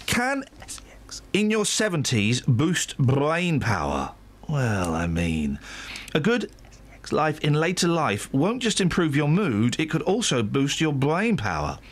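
A man's voice: on the high side, wildly swooping pitch, takes it slowly. A man presenting breakfast radio with an English accent, reading odd news stories with jokey, rambling asides. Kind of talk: casual breakfast radio chat.

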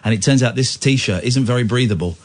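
A man's voice: mid-range voice, a little hiss or hum. A man hosting a radio call-in show, chatting casually and teasing his callers. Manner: playful, teasing, quick to joke. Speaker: radio talk show host. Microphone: studio microphone.

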